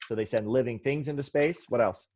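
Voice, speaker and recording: A man's voice: medium pitch, brisk, darkish tone, a little hiss or hum. A male history teacher lectures in a classroom, restarting sentences and backing up as he goes. He keeps throwing questions out to his students. The recording sounds muffled and lo-fi. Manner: rambling, self-correcting, quizzes students.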